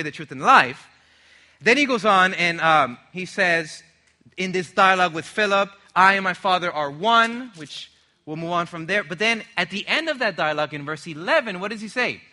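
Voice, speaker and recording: A middle-aged male preacher with a very bright, forceful tone and a slightly high voice. He presses his points hard and keeps throwing questions back to the congregation, building each point with emphatic repetition. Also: animated, brisk. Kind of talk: sermon.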